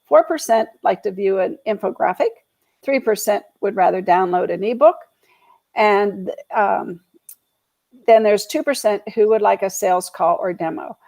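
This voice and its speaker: Woman, online class instructor, gravelly voice, reads stats then chats, video call. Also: medium pitch, normal speed, darkish tone, low-quality recording. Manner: reads statistics aloud, then adds casual asides. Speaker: video marketing instructor for real estate agents. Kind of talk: presenting slides in an online class.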